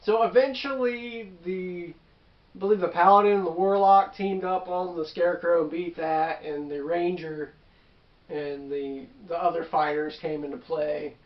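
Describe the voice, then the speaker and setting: Rambling high-voiced man telling a game story. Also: steady tone, measured pace, echoey room, highs cut off. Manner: rambling, with asides and self-corrections. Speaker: tabletop game master recounting a session. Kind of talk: casual storytelling.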